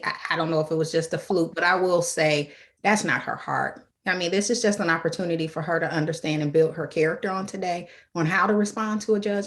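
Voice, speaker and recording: A woman defense attorney pleading formally and politely to a judge on a video call. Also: on the low side. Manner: polite, deferential, persistent.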